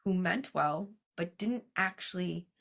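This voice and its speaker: A young woman with a low, gravelly voice tells her story in a relaxed interview. She talks in a lively way, acts out other people's lines, and laughs often. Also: unhurried. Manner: animated, quotes herself and others, laughs often. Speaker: guest, cancer survivor and coach.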